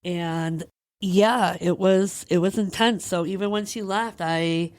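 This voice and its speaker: A woman's voice: on the low side, steady tone, takes it slowly, darkish tone, no room sound. A woman hosting a podcast, talking through a personal experience in a candid, emotional, searching way. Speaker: podcast host. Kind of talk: personal reflective monologue.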